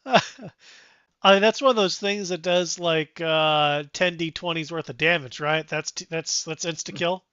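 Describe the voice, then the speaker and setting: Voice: medium pitch, a little slow, a bit bright, smooth, dry recording, dull audio. A game master narrating a tabletop game in a casual, loose way.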